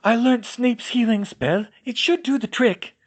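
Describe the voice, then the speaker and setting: A man doing a hoarse injured young witch. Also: extremely high pitch, measured pace, voice pushed up. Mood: urgent. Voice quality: raspy. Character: injured teenage witch, rasping, sharp-tongued.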